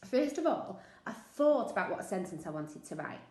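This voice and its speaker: A woman teacher with a Northern English accent, slowly sounding out words for young children in a sing-song, encouraging way. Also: medium pitch, big pitch swings, a little mellow. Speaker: early years teacher. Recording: echoey room.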